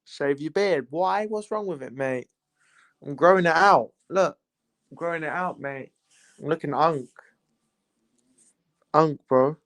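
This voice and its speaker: A man's voice: on the high side, measured pace, pauses often, fairly bright tone, no room sound. A young man, casually chatting and teasing his viewers while hosting a live football watchalong. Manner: chatty, teasing banter with chat. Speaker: livestream host.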